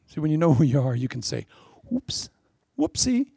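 A man preaching a lively sermon with jokes, swinging between loud punchlines and soft asides. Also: mid-range voice, vocal fry, slightly rough, dry recording, studio quality. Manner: animated, joking, often laughing, drops to soft asides.

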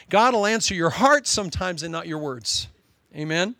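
High-voiced animated male preacher. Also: normal speed, no echo. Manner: animated storytelling with joking asides; addresses listeners as "loved one". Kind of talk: sermon.

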